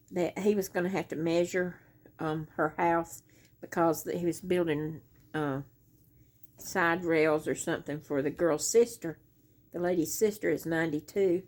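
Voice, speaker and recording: A middle-aged woman, chatting casually on her crochet vlog and rambling through a story with many pauses and "anyway"s. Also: lowish voice, darkish tone. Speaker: crochet vlogger.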